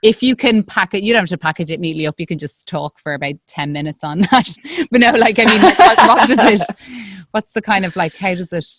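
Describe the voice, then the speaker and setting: A woman's voice: mid-range voice, expressive, brisk, a bit bright, no echo. An Irish woman hosting a podcast interview, chatty and gushing, laughing often. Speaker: podcast host. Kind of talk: casual interview chat.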